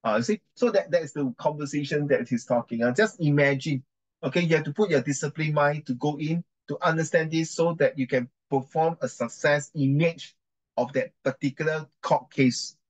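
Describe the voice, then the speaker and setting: A man's voice: a little high, normal speed, rough recording. Chatty man teaching an English reading class. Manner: chatty, repeats and corrects himself, mixes in Chinese.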